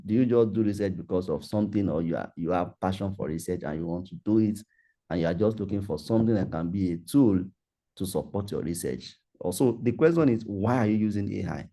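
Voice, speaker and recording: Deep-voiced man leading a workshop. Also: warm tone. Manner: conversational, repetitive, loose phrasing. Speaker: workshop facilitator. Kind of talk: online workshop talk and Q&A.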